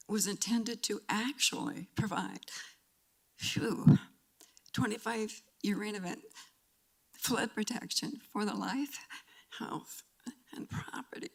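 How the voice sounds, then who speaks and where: A woman's voice: mid-range voice, creaky. An older woman giving public comment at a council meeting, earnest and emotional, fighting back tears and stumbling over restarts.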